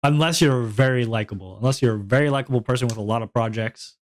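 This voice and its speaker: A man streaming alone in easy, loose chatter, wandering between topics with plenty of self-mocking laughs. His voice sits at an ordinary middle pitch for a man, and he talks like a VTuber chatting straight to his viewers. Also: fast talker. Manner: rambling and self-deprecating, laughs often. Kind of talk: casual solo stream chat.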